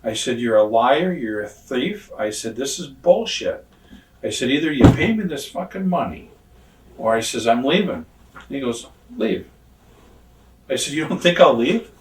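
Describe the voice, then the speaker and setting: A man's voice: medium pitch, animated, normal speed, a little hiss or hum. Blunt, profane older man telling stories. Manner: blunt, profane, acts out quoted dialogue. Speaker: retired pro wrestler telling stories. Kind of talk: casual shoot interview storytelling. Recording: roomy sound from a distant mic.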